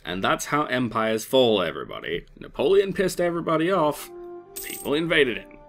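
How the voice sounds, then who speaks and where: A man's voice: medium pitch, very animated, moderate pace, fairly bright tone, soft background music. A man casually commenting on a strategy game he is playing, wry and rambling with sarcastic asides. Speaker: let's play host.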